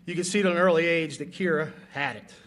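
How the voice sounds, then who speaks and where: A middle-aged father giving an emotional award speech at a banquet, halting with many fillers. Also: a little high, fairly bright tone. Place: banquet hall.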